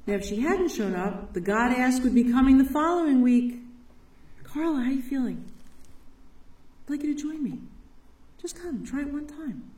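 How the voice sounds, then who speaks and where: A woman's voice: medium pitch, mellow. A woman giving an enthusiastic church talk, telling stories with laughter. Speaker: parish ministry speaker. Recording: echoey hall from a distant mic.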